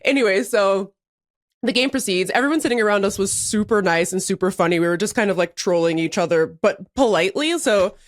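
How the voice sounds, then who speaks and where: A woman's voice: mid-range voice, a little fast, no echo, clean studio sound. A woman co-hosting a podcast, telling a story in casual chat with a lot of laughter. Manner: animated storytelling, laughs often. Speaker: podcast co-host.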